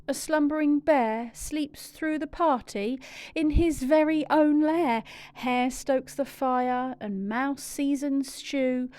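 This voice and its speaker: A woman reading a children's storybook aloud with a clear, sing-song, rhythmic delivery. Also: high-pitched, darkish tone. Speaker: storybook reader.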